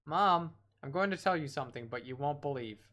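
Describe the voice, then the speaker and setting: A man's voice: on the high side, expressive, fairly quick, a bit bright. A man doing a shy, serious little girl. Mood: confiding.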